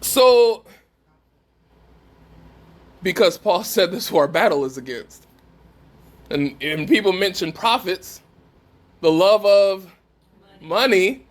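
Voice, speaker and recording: A man with a strikingly high voice preaches to a gathered group. He talks emphatically and keeps pressing his listeners with direct questions. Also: fairly bright tone. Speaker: speaker at a faith gathering. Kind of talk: preaching talk to a live group.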